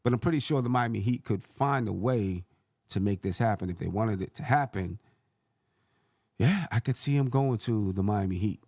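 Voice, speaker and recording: A man's voice: on the low side, creaky, darkish tone, no echo, studio quality. A man hosting a sports channel, rambling through casual basketball commentary and correcting himself as he thinks aloud.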